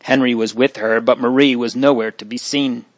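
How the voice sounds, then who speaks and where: A man narrating a storybook in an audiobook reading, with a measured, even delivery. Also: mid-range voice, low-quality recording.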